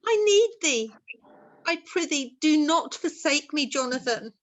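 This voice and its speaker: A woman's voice: high-pitched, animated, a little slow. A woman playing a ghostly young mother who speaks in archaic thee-and-thou language, earnest and pleading, in an amateur stage drama.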